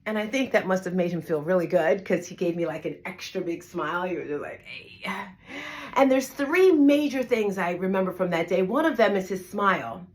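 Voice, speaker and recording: A woman's voice: fairly low pitch, expressive, a little fast, hardly any pauses. A middle-aged woman from New Jersey, a fitness instructor, telling a personal story to an audience in a conversational, emphatic way, often checking in with "right?". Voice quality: emphatic, repeats phrases for effect. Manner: conversational, asks "right?" to listeners.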